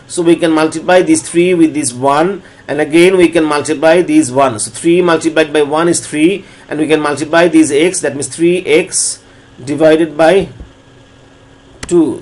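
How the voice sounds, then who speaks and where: Guy teaching calculus, kinda high voice, keeps repeating himself step by step. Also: darkish tone. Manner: repeats steps slowly, restarts phrases. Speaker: lecturer. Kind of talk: recorded math lecture.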